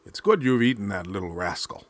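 A man's voice: lowish voice, very animated, a little fast, no echo. A man voicing a big, gullible male grizzly bear in a spoken folk tale, eager and naive. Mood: gruff.

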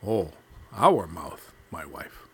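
A man voicing a sly, jealous old male owl who speaks in a low murmuring croon that trails off to a hush. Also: very animated, takes it slowly, slightly rough, full character voice. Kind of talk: storybook character voice.

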